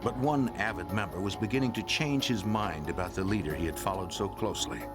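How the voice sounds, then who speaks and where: A man narrates a true-crime documentary in an even, serious tone, his voice sitting a little low. Loud music plays clearly beneath his scripted delivery. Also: fairly quick.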